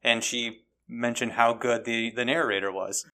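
A man's voice: mid-range voice, steady tone, moderate pace, pushed and bright. A man hosting a podcast, keeping the talk easygoing and steering it along. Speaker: podcast host. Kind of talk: casual podcast chat.

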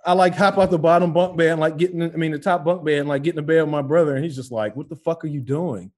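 A man's voice: a little high, very fast. A man telling crude childhood stories in casual chat, acting out the voices of people he quotes. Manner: profane, animated storyteller acting out quotes. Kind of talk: casual podcast chat, storytelling.

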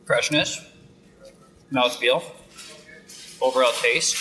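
A man's voice: medium pitch, measured pace, pauses often, bright, forceful tone. A man in casual food-review chat, wry and keeping the conversation on track. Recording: distant mic with faint noise.

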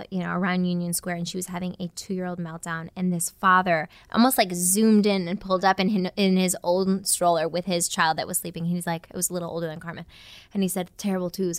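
Smooth-voiced woman co-hosting a parenting chat. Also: fairly low pitch, fairly quick, no echo. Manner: lively, storytelling, lists points. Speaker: podcast co-host.

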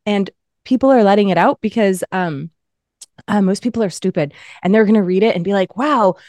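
A woman's voice: mid-range voice, brisk, mellow, dry recording. A woman co-hosting a casual chat podcast, talking bluntly and with a lot of swearing, acting out mocking quotes. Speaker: podcast co-host.

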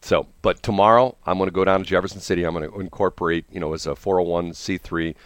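A man's voice: sits low, fast talker, smooth, no echo. A man hosting a radio morning show, telling a rambling story on air and acting out the people in it. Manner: animated, acts out quoted people. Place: radio studio.

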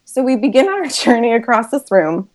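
A woman with a fairly high, very lively voice tells a story on a casual podcast. She is animated and laughs often. Her pitch swings widely from line to line. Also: moderate pace. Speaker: guest storyteller.

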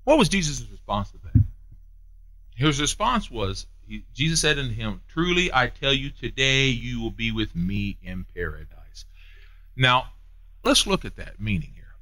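Male preacher, emphatic and repetitive, animated pitch swings. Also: a little slow, long pauses, low-quality recording. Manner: emphatic, repeats phrases, swings between hushed and raised. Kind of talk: sermon.

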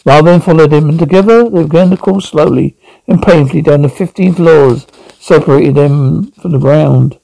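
Gravelly male audiobook narrator. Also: a little high, normal speed, mellow, dry recording, poor audio. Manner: stumbling, self-correcting reading. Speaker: audiobook reader.

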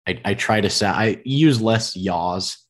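A man's voice: fairly low pitch, a little slow. A man from the American Midwest hosting a podcast in a laid-back, casual way, often tossing in "man". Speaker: podcast host, designer.

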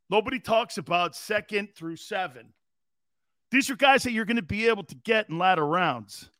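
A man hosting a football talk show in an animated, rambling storytelling manner. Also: high voice, no echo, studio quality. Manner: loud, rambling storyteller with frequent laughs. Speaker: host.

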